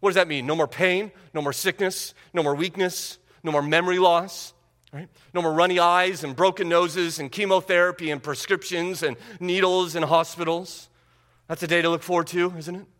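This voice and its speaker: A man delivers a sermon from the pulpit, driving home his points through repetition. His voice sits high and bright, and each phrase rings out into a long, reverberant hall. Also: fairly even intonation, normal speed. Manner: emphatic preaching with rising intensity; repeats phrases for emphasis. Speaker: pastor.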